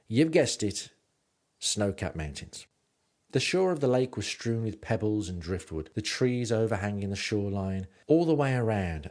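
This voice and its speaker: A man's voice: fairly low pitch, a little mellow. A man narrating his travel stories in a rambling, self-mocking way with lots of ums. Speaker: podcast host and narrator.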